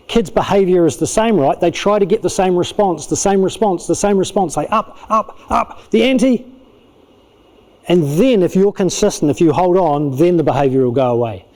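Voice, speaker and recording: Lively New Zealand psychologist, mellow voice. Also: male voice, sits high. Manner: animated, acts out parents and kids in quick asides. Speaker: clinical psychologist giving a church parenting talk. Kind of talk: lively spoken teaching talk. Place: church auditorium.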